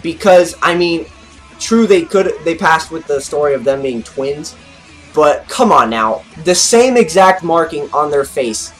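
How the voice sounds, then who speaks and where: Excitable young-sounding male anime reviewer. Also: fairly high pitch, unhurried, faint music behind. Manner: excitable, heavy use of "like"; gestures with his arms while talking. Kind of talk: casual episode recap.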